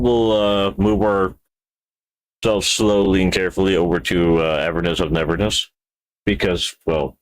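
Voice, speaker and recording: A man streaming live while building a 3D model, talking to himself in a rambling, playful way with wordplay asides. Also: deep voice.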